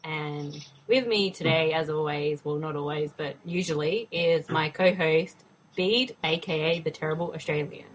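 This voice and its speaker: A woman's voice: low-pitched, moderate pace, slight background noise, low-quality recording. A woman hosting a casual podcast chat, teasing her guests and laughing often. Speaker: podcast host.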